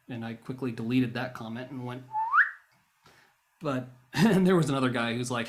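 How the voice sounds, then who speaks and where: A man talking straight to camera in a rambling, casual monologue. He rants and mocks himself wryly, and sometimes flares into loud bursts. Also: mid-range voice, expressive, a little fast. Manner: ranting, wry and self-mocking. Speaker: YouTuber.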